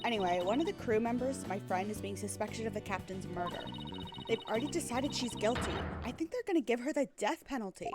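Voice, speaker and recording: A woman voicing a bubbly young female aquarium performer in a Valley Girl manner, full of fish puns, over loud game music. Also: on the high side, expressive, quick pace, lightly acted. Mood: pleading.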